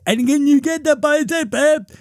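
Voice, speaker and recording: Man putting on a shrill garbled woman cashier. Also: normal speed, no echo, clean studio sound. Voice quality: slurred, garbled speech. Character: high-pitched muddled woman cashier, hard to understand.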